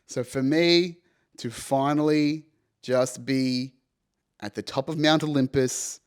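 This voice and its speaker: A young man hosting a podcast, telling a personal story casually and animatedly, swearing freely and saying "you know" and "right" often. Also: medium pitch. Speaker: podcast host.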